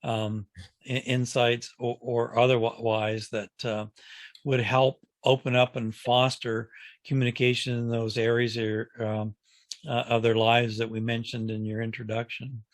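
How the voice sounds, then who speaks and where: A man's voice: mid-range voice, level tone, unhurried, dry recording. Man, podcast host, coach, affirming, hesitant questions, dry close sound. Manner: affirming, frequent "yeah" and "mm-hmm", hesitant when asking questions. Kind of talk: conversational interview.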